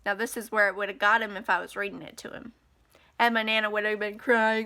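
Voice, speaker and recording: A woman in her twenties vlogs to the camera, angry and upset, ranting and near tears. Her voice is medium-pitched and level, brisk and sharp in tone.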